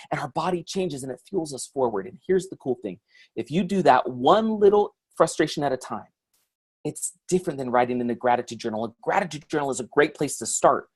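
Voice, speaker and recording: A man's voice: fairly high pitch, husky. A man giving an enthusiastic, earnest motivational talk as an author and guest speaker, repeating his key points.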